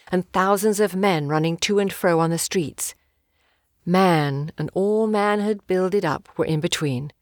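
A woman narrating a novel in an audiobook reading, slow, measured and expressive. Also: on the low side, dry recording, clean studio sound.

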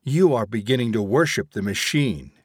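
A man reading an audiobook, voicing an earnest, quietly rebellious young man in a low, grave, measured way. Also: expressive, slightly rough, no room sound, clean studio sound. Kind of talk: audiobook character voice.

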